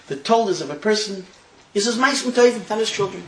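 A man teaching a Talmud class, telling the story in an animated way and mixing in Hebrew terms. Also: high-pitched, fast talker, a little hiss or hum. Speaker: Torah teacher. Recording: echoey room.

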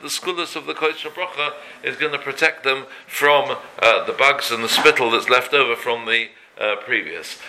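A man teaching a daily religious law class, halting often and mixing Hebrew terms into his talk. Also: mid-range voice, noisy background.

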